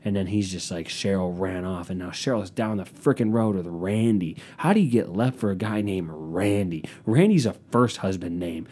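A young man rambling through a sarcastic comedic monologue at home, swinging between loud bursts and low mutters. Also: moderate pace, hardly any pauses, breathy edge.

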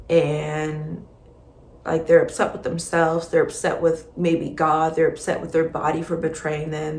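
Expressive woman telling a personal story. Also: sits low. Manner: expressive, conversational, lots of fillers. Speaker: podcast host. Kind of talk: candid storytelling. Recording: roomy echo with faint background hum. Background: faint ambient noise, passing truck.

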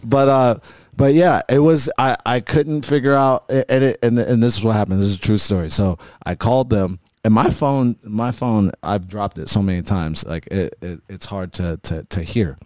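A man's voice: fairly low pitch, normal speed, darkish tone, no echo. A man hosting a podcast, telling a long story in a loose, profane, rambling way, full of restarts and asides. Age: adult with a school-age son. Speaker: podcast host. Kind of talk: casual podcast chat.

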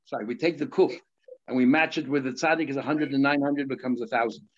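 A man teaches a Talmud lesson at a medium pitch, stopping and restarting as he works through each point. He breaks into stories along the way, and the recording sounds slightly dull. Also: fairly even intonation, slight background noise. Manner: halting explanation with restarts and storytelling.

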